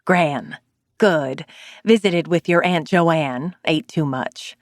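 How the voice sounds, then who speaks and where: A woman's voice: low voice, slow pace, no room sound, studio quality. A woman voicing a caring older grandmother who reads out her texts plainly in an audiobook.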